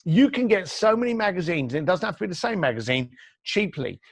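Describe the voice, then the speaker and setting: Animated blunt man, lively voice. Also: high voice, fast, vocal fry, dry recording, studio quality. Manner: blunt, energetic, acts out quoted dialogue. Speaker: entrepreneur guest. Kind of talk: animated storytelling advice.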